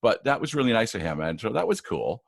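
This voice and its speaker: Guy with a lowish voice telling event producer stories, lots of restarts, dry sound. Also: quick pace, creaky, breathy edge, no echo. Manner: animated anecdotes with many restarts. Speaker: guest, live event AV producer. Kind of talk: casual storytelling interview.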